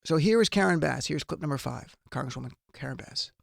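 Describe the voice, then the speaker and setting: A man's voice: a little high, animated, a little fast, creaky, no echo, studio quality. A man hosting a political talk show, delivering emphatic, indignant commentary. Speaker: radio talk show host.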